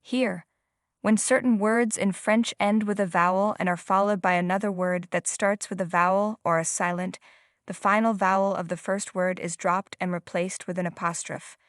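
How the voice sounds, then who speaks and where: A woman calmly asks lesson questions and explains a rule in an even, instructional manner. Her voice sits in a middle range, and the sound is dry, with no reverb. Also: medium pitch, normal speed. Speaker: language teacher. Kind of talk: scripted lesson prompts and explanation.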